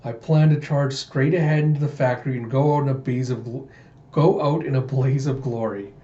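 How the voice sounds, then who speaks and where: A grim cyborg commander speaks in a flat, steady, mellow voice, as a man reads his lines from a manga. The sound is dull and roomy. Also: mid-range voice, brisk, lightly acted. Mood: resolute. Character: grim male cyborg rebel commander, stoic.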